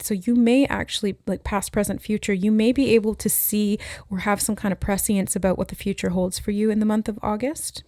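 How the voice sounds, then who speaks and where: Mellow, even-toned tarot reader woman. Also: medium pitch, no room sound, clean studio sound. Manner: musing, relays messages as she hears them. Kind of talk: intuitive card reading to camera.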